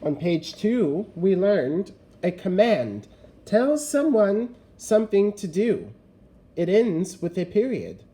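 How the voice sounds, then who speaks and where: A male teacher giving a recorded remote grammar lesson slowly and deliberately, stressing key words. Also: sits high, very animated, dark tone, slightly rough.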